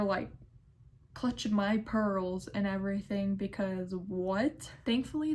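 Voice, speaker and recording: A woman's voice: medium pitch, a little mellow, a little hiss or hum. A young adult woman, a pharmacy technician, narrating storytime tales in a sassy, exasperated way.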